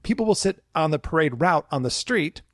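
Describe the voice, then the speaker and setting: Animated man telling a story, slightly high voice. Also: a little fast, dry recording, studio quality. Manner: animated storyteller acting out quotes in raised voices. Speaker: podcast co-host, former theme park worker. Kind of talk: casual chat, storytelling.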